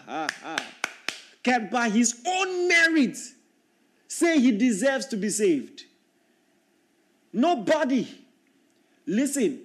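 High-voiced emphatic male preacher. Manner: emphatic, repeats key phrases for stress. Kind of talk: sermon.

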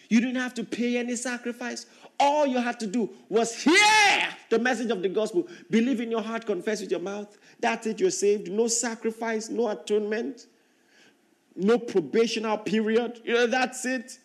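Preacher, male, from Africa, high voice, emphatic, repeats lines for weight. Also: moderate pace, a bit bright. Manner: emphatic, repeats key phrases for stress. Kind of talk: sermon.

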